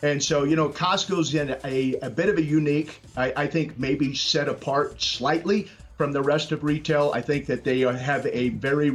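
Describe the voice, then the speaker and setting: A man's voice: fairly high pitch, fairly even intonation, normal speed, few pauses, faint music behind. A man commenting on stocks in a financial panel discussion, hesitant with many fillers and restarts. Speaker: market commentator.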